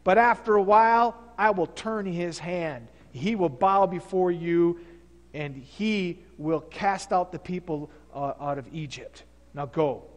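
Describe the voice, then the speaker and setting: A man's voice: high-pitched, unhurried, big-room sound, voice pushed down. A man voicing God, giving short firm commands in a sermon retelling. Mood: commanding.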